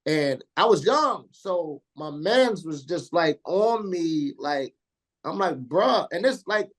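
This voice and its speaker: A man in his forties from Indiana, a radio DJ telling stories as an interview guest in slangy, animated speech, acting out the people he quotes. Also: a little high, slow. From Indiana, USA. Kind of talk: casual storytelling interview.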